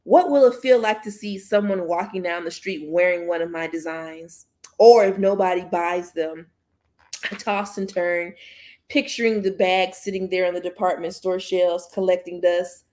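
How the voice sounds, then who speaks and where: A woman's voice: lowish voice, steady tone, normal speed, darkish tone. A woman hosting a book club channel, reading a novel aloud in first person and breaking off for chatty asides to viewers. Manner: chatty, slips and restarts, speaks to viewers as y'all.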